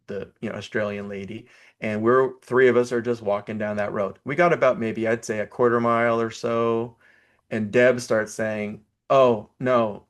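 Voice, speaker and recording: A man of around sixty, a podcast guest, casually telling a story with frequent laughs, restarts and 'you know' fillers, acting out quoted lines. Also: fairly low pitch. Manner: animated, laughs often, acts out quoted lines.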